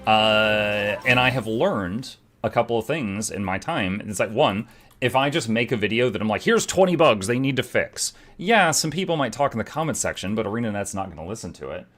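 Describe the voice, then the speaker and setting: A man explaining his views as a content creator, talking quickly with many fillers. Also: on the low side, animated, fairly bright tone, dry recording, soft background music. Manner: fast, explanatory, filler-heavy. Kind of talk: clip played on stream.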